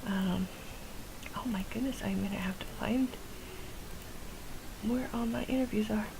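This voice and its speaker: A woman's voice: mid-range voice, measured pace, gravelly, noisy background. A woman hosting a gameplay video, chatting casually and rambling with many fillers. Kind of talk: casual game commentary.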